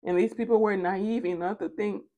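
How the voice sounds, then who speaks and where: A woman's voice: mid-range voice, fairly even intonation, normal speed, mellow. A woman giving a spoken tarot reading, casual and chatty, repeating phrases for emphasis. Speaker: tarot reader.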